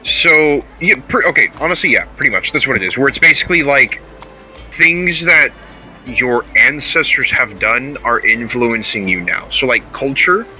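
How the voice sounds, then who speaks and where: A man co-hosting a casual podcast chat, excitable and rambling, swearing and bursting into loud high exclamations. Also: moderate pace, faint music behind. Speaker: podcast co-host.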